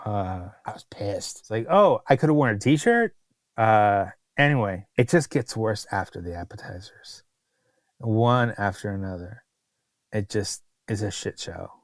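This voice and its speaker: A man's voice: fairly low pitch, measured pace, no room sound. A man co-hosting a podcast and telling a long restaurant story in casual chat, with exasperated asides. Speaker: podcast co-host, restaurant critic.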